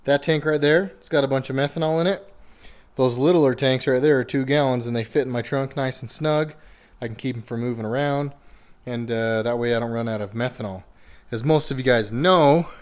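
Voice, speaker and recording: A man's voice: medium pitch, fairly quick. A man hosting his own car vlog, talking casually and rambling a little with many fillers, walking through prep in his garage. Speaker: car vlogger. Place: home garage.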